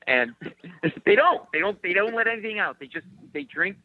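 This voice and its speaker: A man, a comedian guest telling animated stories in casual chat and laughing along. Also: sits high, normal speed, narrow, tinny audio. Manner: animated joke-telling storyteller, puts on voices and laughs.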